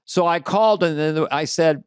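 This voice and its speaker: A middle-aged man with a smooth, clear voice tells road stories in a low-key, deadpan way. His voice sits a little higher than most men's. The sound is dry and close to the mic. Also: moderate pace, dry recording. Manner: deadpan, understated anecdotes from the road. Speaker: co-host. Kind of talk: casual comedic storytelling.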